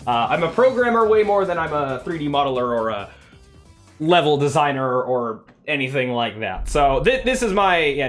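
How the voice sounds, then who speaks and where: Rambling man on a livestream. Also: on the high side. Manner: rambling, many restarts and fillers. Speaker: livestreaming game developer. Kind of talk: casual livestream chat.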